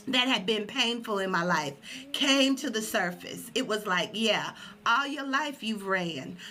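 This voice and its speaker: A woman podcast host telling a story in a casual live stream, animated and acting out quotes. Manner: animated, acts out quotes with high yelps.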